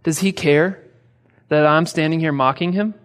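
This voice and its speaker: A man's voice: fairly high pitch, normal speed, smooth. A man from the American Midwest preaching a sermon as pastor, conversational, with repeated rhetorical questions and touches of humor. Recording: reverberant hall.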